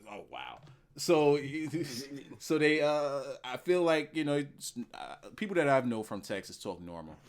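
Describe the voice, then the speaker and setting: A man in his forties from the northeastern US hosting a casual call, teasing his guests with a loud, profane manner. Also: mid-range voice, sing-song, measured pace. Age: 40s. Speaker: host. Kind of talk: casual chat on a stream.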